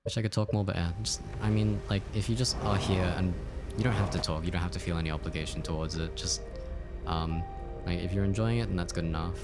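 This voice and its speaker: A man's voice: deep voice, steady tone, quick pace, over music. A man casually chatting while streaming a game, rambling and joking as he reads chat aloud.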